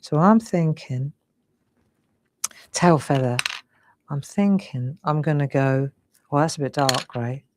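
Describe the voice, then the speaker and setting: A woman's voice: deep voice, slow, long pauses, background noise. A woman in her sixties with an English, slightly Cockney accent, chatting and demonstrating drawing live. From England. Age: 60s. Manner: chatty, warm, often says "look" and "lovely". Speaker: craft demonstrator.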